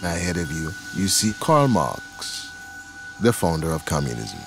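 Low, animated male narrator for a dramatic second-person story, music bed. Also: measured pace, creaky.

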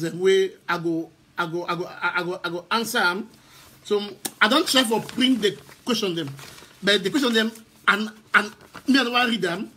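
A man's voice: high-pitched, sharp tone, slightly rough. A Cameroonian man with a Cameroonian accent, talking casually on a livestream as an activist guest, hesitant and repeating words as he switches between English and Pidgin.

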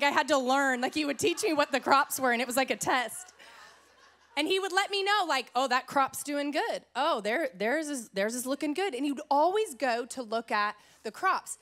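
Lively storytelling woman pastor. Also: high-pitched. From Idaho. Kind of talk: sermon. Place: church.

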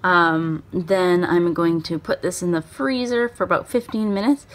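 A woman's voice: fairly low pitch, a little slow. A young woman chatting casually and upbeat in a daily vlog, laughing often. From Canada. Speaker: vlogger.

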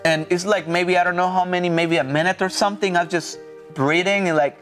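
A pastor from Mexico telling his testimony in halting, earnest English with a Mexican Spanish accent. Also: sits high, steady tone, a bit bright, faint music behind. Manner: earnest, halting non-native English with repeated restarts. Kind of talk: personal testimony in an interview.

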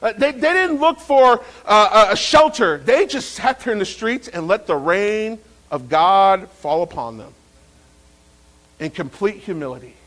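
High-voiced pastor preaching a sermon. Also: male voice, a little slow, low-quality recording. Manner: lively preaching with repeated phrases and restarts.

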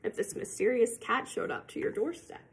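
A woman reading a picture book aloud to children, slow and expressive, pausing to ask her listeners questions. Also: fairly high pitch, noisy background. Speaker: storybook reader.

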